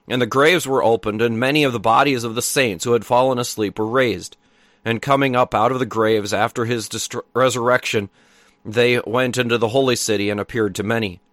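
A man's voice: mid-range voice, a bit bright, dry recording. Solemn male pastor reading scripture. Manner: measured, solemn reading with small self-corrections.

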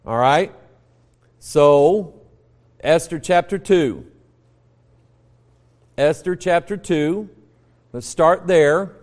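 A man's voice: fairly high pitch, extremely slow, long pauses, a little mellow. A man with an American accent, a pastor teaching a Bible class in a folksy, storytelling way, quizzing the group and restarting phrases. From United States. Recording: long reverb of a large room.

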